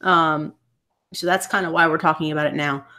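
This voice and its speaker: A woman hosting a podcast chat, briskly setting up the topic. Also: deep voice, fairly even intonation, bright, forceful tone. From Italian heritage. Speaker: podcast host. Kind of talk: casual chat.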